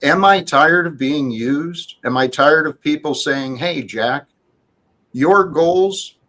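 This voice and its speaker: Insistent man with a slightly high voice. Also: takes it slowly, poor audio. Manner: insistent, repeats calls to calm down. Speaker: host. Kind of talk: heated panel argument.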